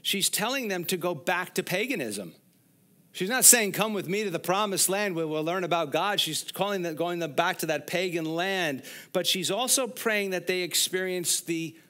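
A man's voice: a little high, pushed and bright. A man preaching a sermon in a church, explaining scripture and asking the congregation questions. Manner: expository preaching, speaks to the congregation directly. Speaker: pastor. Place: church sanctuary.

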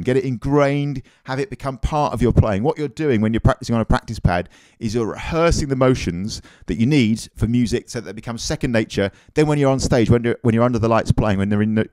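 Drum teacher, male, mid-pitched, coaching tone, counts beats aloud. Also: a little mellow, dry recording. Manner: counts beats aloud while explaining technique. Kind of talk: instructional demonstration.

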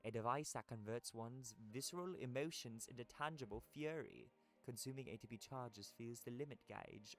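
A young man streaming a video game, playful and excitable, muttering to himself and reacting with casual commentary. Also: mid-range voice, normal speed, faint music behind.

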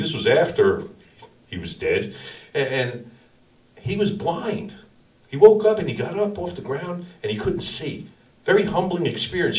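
A middle-aged man giving a casual, slangy sermon as a pastor, telling stories about his own life. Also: medium pitch. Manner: casual storytelling, slangy and animated. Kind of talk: informal sermon. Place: small church cafe venue. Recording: echoey room from far off.

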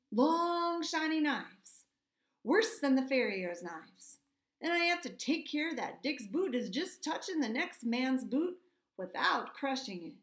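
A woman voicing a proud male cavalry troop horse who lectures in an earnest, brisk way. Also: high-pitched, roomy sound, voice pushed up.

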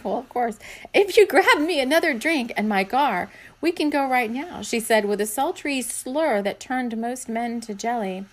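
A middle-aged woman reading aloud from her own novel, often breaking into giggles and tripping over words. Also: fairly high pitch.

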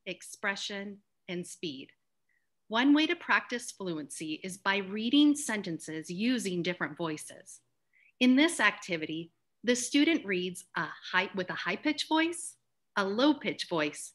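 A woman's voice: mid-range voice, a bit bright. Woman explaining reading activities. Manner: informal, uses fillers while explaining. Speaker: reading presenter. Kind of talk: explaining classroom activities in a live session.

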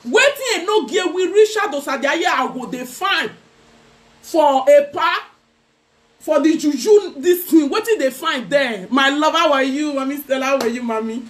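A woman's voice: high-pitched, lively intonation, normal speed. A young Nigerian woman vlogger giving a mocking gossip commentary rant in a taunting, sing-song way.

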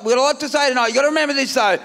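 A middle-aged Australian man doing a loud, brash stand-up comedy set on a festival stage, laughing at his own jokes. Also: extremely high pitch, racing, background noise. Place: comedy festival stage before a live crowd. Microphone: stage microphone.

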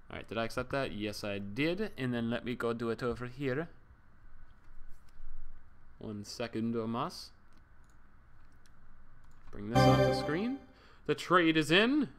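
A man's voice: mid-range voice, measured pace, pauses often. A young man streaming a game, chatting casually, joking around and thanking viewers. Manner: goofy, jokey, thanks viewers. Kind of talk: casual livestream chat.

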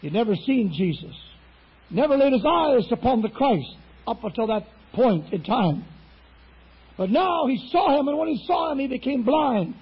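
Fervent high-voiced husky preacher man. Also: very animated, moderate pace. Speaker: pastor. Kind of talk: sermon. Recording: dull lo-fi sound.

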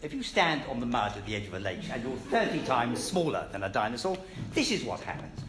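A man's voice: medium pitch, sing-song, fairly quick, crowd noise. A British man giving an emphatic, scornful public lecture to an audience in a hall. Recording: echoey hall with faint ambience.

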